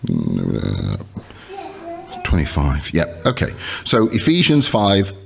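A man's voice: a bass voice, huge pitch swings, takes it slowly, creaky, crowd noise. A man preaching a sermon in a conversational way, with fillers and restarts, and reading scripture aloud with emphasis.

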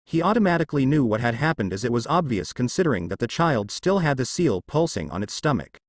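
A man narrating a fanfiction audiobook in an even storytelling read. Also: medium pitch, fast talker, no echo, clean studio sound.

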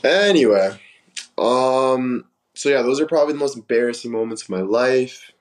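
A man's voice: mid-range voice, expressive, normal speed, low-quality recording. A young man hosting a live stream, telling candid, rambling stories and answering viewer comments. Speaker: livestream host. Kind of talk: casual livestream chat.

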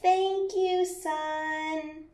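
A woman leads a yoga class for small children, talking very slowly in a gentle, playful tone. Her voice sits high, and she sometimes sings a line or barks like a dog. The sound is roomy and comes from some distance away from the mic. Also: steady tone. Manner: slow, gentle and playful, with sung lines and animal sounds. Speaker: kids yoga teacher.

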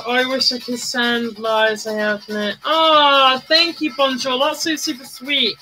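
A woman's voice: high-pitched, fairly even intonation, a little slow, hardly any pauses, pushed and bright, faint music behind, poor audio. A woman chatting casually on a makeup live stream, greeting viewers by name and bursting into little sung bits. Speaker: livestreamer doing makeup.

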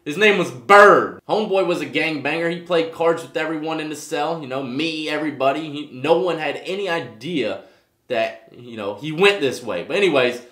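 A man's voice: fairly high pitch, normal speed, sharp tone. Man, vlog host telling prison stories, street slang, keeps asking "you know what I mean", roomy echo. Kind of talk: casual storytelling to camera.

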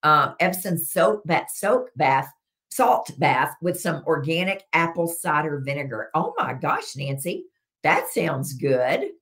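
Low-voiced woman hosting a live chat. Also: very animated, slow, a bit bright. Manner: earnest, conversational, drops her voice on key points. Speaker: wellness practitioner and live-stream host. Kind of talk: live-stream chat, reading viewer comments.

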